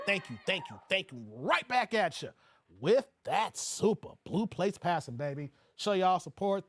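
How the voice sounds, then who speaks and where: Man, commentary host, high voice, dry close sound, animated and joking, thanks donors. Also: no room sound. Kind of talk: casual live reaction commentary.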